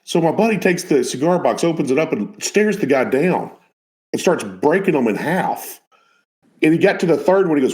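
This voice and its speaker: A man hosting a casual talk show, asking questions with stumbling restarts and telling his own lively story. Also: on the high side, normal speed. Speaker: show host. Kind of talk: casual chat.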